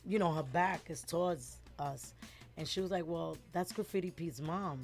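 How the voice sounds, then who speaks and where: A middle-aged woman, telling a lively story as a guest in a casual interview and acting out the voices of the people in it. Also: on the low side, moderate pace, soft background music. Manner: animated, acts out quoted voices, switches between English and Spanish words.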